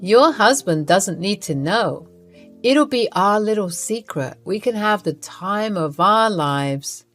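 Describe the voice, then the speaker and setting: Brief: woman voicing a flirty rich charmer, easy and persuasive, soft music under. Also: medium pitch, lively intonation, takes it slowly. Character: smooth-talking flirtatious rich man.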